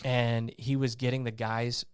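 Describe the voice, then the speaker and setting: In a clear, resonant mid-range voice, the army veteran takes his time as an interviewee. He tells salty, blunt stories casually and animatedly acts out the lines he and others once said. There's no room sound, and the recording is studio quality.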